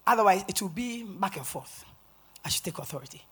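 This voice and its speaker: Husky-voiced woman preaching a lively sermon. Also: medium pitch, brisk. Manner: animated storytelling, acting out quotes, rising to shouts. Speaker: pastor. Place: church sanctuary.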